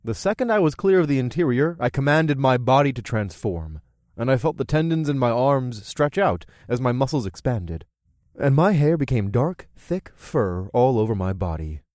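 A man narrating a first-person action audiobook with lively, expressive delivery. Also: mid-range voice, moderate pace, dry recording, clean studio sound.

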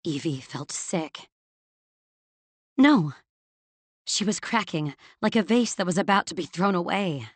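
A woman narrating a fantasy audiobook in a measured, dramatic storytelling manner. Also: fairly low pitch, animated, no room sound.

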